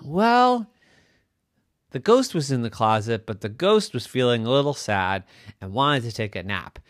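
A storyteller voicing a calm, confident young boy who talks in a breezy, matter-of-fact way. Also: mid-range voice, a little slow, no echo, studio quality.

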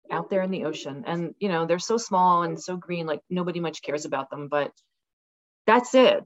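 An older woman speaks in a somewhat low voice, telling stories with passion and putting on voices when she quotes people. The sound is a little dull and lo-fi, like a video call. It is a relaxed, conversational interview. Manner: passionate, animated storytelling with dramatic acted-out quotes. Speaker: podcast guest. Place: rural home with dogs.

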